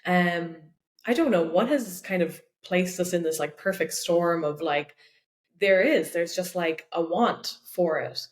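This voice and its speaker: A woman's voice: on the low side, a little slow. A young woman, a voice coach, talking thoughtfully as a podcast guest, with many likes and restarts. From Ireland. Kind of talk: casual interview talk. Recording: roomy echo.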